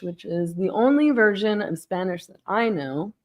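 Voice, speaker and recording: A woman's voice: mid-range voice, lively intonation, moderate pace. A woman hosting a casual live-streamed talk show, chatty and self-deprecating, rambling with fillers, her mic set a bit far from her face. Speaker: host.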